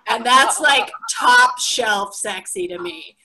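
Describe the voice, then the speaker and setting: A young woman from the United States doing a chatty, self-mocking stand-up set over a video call. She acts out the friends she quotes in high, excited voices. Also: slow pace, crowd noise, rough recording. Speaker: stand-up comic.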